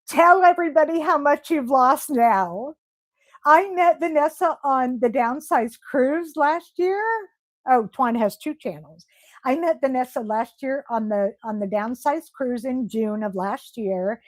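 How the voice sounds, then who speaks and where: Slow-talking, effusive woman hosting a live stream. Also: a little high. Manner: effusive, reads viewer comments aloud and answers them; emotional, gushing with praise. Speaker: livestream host. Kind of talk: casual live-stream chat.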